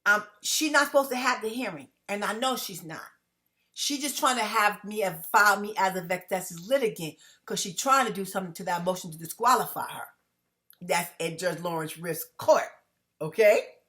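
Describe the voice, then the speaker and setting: Tired woman ranting to her viewers, talks fast, keeps asking okay?, middle pitch. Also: lively intonation, bright, forceful tone. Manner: fast-talking, emphatic, repeats "okay?" to viewers. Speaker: vlogger. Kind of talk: casual monologue to viewers.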